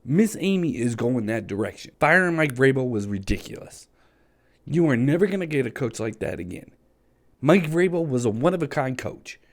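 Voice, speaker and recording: A man's voice: medium pitch, lively intonation, moderate pace. A man delivering a passionate, frustrated solo opinion rant as a sports vlogger, hammering his points with repetition.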